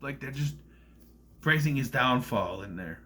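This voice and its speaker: Animated, bright-voiced man rambling a review. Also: medium pitch, a little slow. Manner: rambling, acts out quotes in silly voices. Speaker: movie reviewer. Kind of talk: casual film review monologue.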